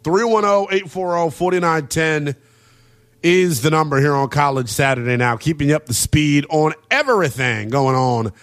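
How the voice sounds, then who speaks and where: A radio sports host with a slightly high, fairly bright voice speaks at a moderate pace from a radio studio. He runs a late-night college football talk show, brash and joking as he goes through scores and takes.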